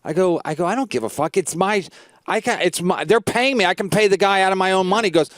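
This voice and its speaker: High, smooth-voiced profane storyteller man. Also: lively intonation, quick pace, a bit bright, dry recording. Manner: profane, rambling, repeats "I go". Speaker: podcast host and comedian. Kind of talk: casual storytelling chat.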